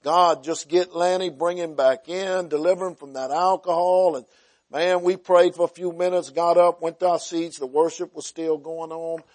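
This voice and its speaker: Man, preacher, folksy testimony sermon, loud then hushed, slightly high voice. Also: fairly even intonation, moderate pace.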